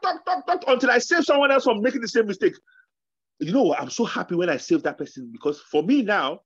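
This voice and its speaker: A man's voice: high voice, husky, no echo, muffled recording. A man co-hosting a podcast, telling stories in a casual motivational chat and laughing easily. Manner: animated storytelling, laughs easily. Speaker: podcast co-host.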